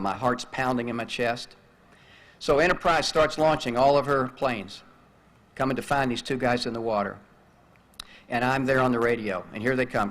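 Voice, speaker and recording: An older man giving a graduation speech, telling a personal story in an animated way and acting out radio calls. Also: mid-range voice, normal speed. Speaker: commencement speaker.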